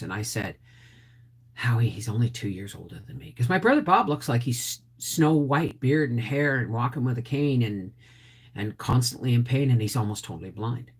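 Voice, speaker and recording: A woman's voice: extremely low pitch, moderate pace, breathy edge. An older woman hosting a casual livestream, chatting and greeting viewers by name. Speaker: homestead channel host.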